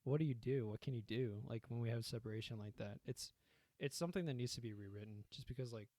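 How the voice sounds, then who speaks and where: A man's voice: mid-range voice, fast talker, darkish tone, dry recording. A young man co-hosting a podcast in casual chat, rambling, swearing and acting out scenes. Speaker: podcast co-host.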